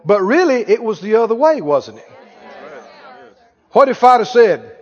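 A male pastor delivering a sermon in a high, very lively voice, telling stories in a folksy way. The recording is dull and carries a long reverb from a large hall. He swings his pitch widely. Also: a little slow, long pauses. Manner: animated, folksy storytelling. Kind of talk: sermon with storytelling.

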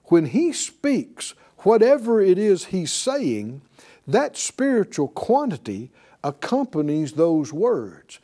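A man's voice: high-pitched, wildly swooping pitch, slow pace, warm tone. A man preaching a sermon to a class in a conversational way, calling on them to repeat after him. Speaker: pastor teaching a class.

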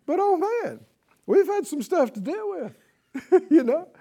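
Middle-aged male preacher, high-pitched and highly animated, chuckles a lot and swings from hushed to loud. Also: takes it slowly. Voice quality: lively, swooping delivery that drops low and quiet then bursts loud and high. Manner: chuckles through his lines, mimics whiny voices, pleads and exhorts. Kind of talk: sermon.

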